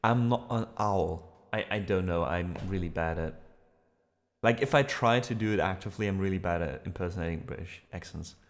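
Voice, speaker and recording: Relaxed low-voiced man chatting on stream. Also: normal speed, in a large hall. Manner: relaxed, rambling, fillers and laughs. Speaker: musician streamer. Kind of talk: casual livestream chat.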